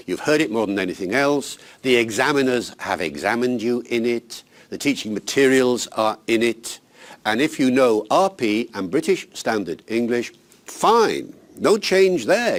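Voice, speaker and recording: An older man, a linguist, giving teachers unscripted advice in an animated, emphatic, conversational way. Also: fairly low pitch. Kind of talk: unscripted explanatory talk.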